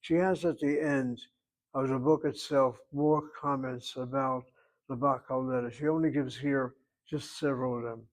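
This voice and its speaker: A man's voice: mid-range voice, steady tone, normal speed, poor audio. A man teaching a Hebrew grammar class, explaining step by step in an emphatic, opinionated way.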